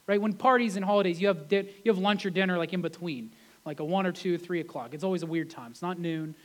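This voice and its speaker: High-voiced man preaching a conversational sermon. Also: fast talker. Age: adult with wife and kids. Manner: conversational, peppered with rhetorical questions. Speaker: pastor.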